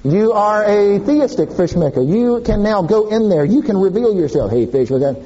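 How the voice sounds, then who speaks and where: A man's voice: high-pitched, animated, moderate pace, warm tone, breathy edge, highs cut off. A male preacher giving a sermon, asking the congregation questions and answering them himself.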